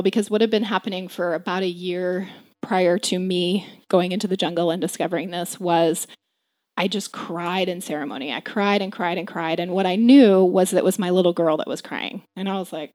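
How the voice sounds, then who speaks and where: A woman in her forties recounts a hard personal story in a low, soft-spoken voice, pausing and restarting often. The sound is close and dry, with no room around it. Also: fairly even intonation, dry recording. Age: 40s. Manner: halting, soft-spoken, many fillers and restarts. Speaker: guest.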